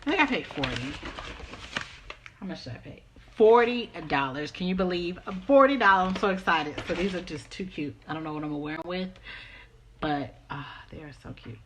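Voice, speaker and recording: A woman's voice: fairly low pitch, lively intonation, moderate pace, fairly bright tone, a little hiss or hum. A woman chatting casually to her vlog audience in a rambling, easygoing way, partly from a parked car. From Southern California. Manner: chatty, rambling, exasperated asides. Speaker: vlogger.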